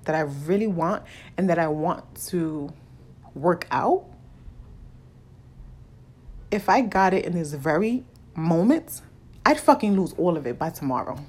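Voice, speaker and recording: A woman's voice: on the low side, lively intonation, a little slow, long pauses, darkish tone, slightly rough. A young adult woman hosting a solo podcast, talking candidly and confessionally with casual swearing. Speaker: podcast host.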